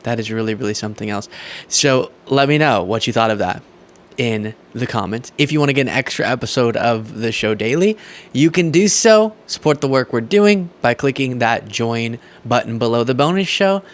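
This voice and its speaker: A young man hosting a political reaction show, talking in a sarcastic, mocking and animated way. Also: medium pitch, normal speed. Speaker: political commentary host. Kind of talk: reaction commentary.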